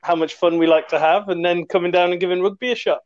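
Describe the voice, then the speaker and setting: A man, a podcast guest, chatting in a relaxed way with frequent ums. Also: sits high, fast. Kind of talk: casual podcast chat. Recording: dull lo-fi call audio.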